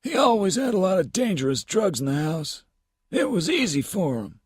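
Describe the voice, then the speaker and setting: A man voicing a sad, bitter old father in an audiobook, speaking in an insistent, husky voice. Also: sits high, sing-song, moderate pace, no room sound, studio quality, pitched above the performer's own voice, heavily acted. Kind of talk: audiobook character voice.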